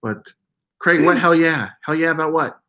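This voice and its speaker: A man's voice: a little high, normal speed, a bit bright. A man co-hosting a casual livestream chat. He rambles in a self-deprecating way and often restarts his sentences. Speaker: livestream co-host.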